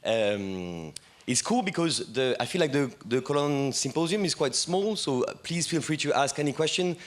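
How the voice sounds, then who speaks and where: A man's voice: mid-range voice, expressive, moderate pace. A man in his thirties with a French accent, giving a casual, self-deprecating talk on a conference stage, full of fillers and restarts. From France. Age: 30s. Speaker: bar owner giving a talk.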